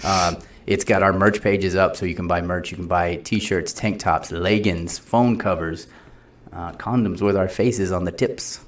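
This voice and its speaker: A man's voice: sits low, steady tone, a little slow. A man co-hosting a casual podcast, rambling and joking through sports banter. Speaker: podcast co-host. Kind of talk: casual chat.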